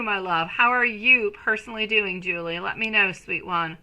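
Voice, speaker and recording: A woman's voice: mid-range voice, normal speed, pushed and bright, low-quality recording. A woman in her thirties giving a live tarot reading, chatty and rambling, greeting viewers by name and calling them sweetie and my love. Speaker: tarot reader.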